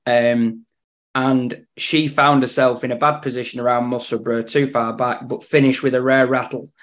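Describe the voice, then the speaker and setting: A man talking through horse racing picks in a relaxed podcast chat. He speaks at a middling pitch and often doubles back on his words. His humour stays dry throughout. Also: moderate pace. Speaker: racing tipster on betting podcast.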